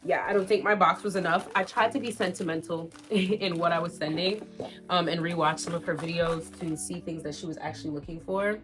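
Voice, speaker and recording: A young woman vlogging casually as she unboxes plant mail, gushing and excitable as she talks straight to her viewers. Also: lowish voice, a little fast, over music.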